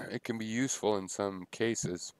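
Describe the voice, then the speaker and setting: A man thinking aloud in a halting, unscripted philosophical monologue, full of pauses and restarts. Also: fairly low pitch, fairly even intonation, smooth, no echo. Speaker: video blogger musing on philosophy.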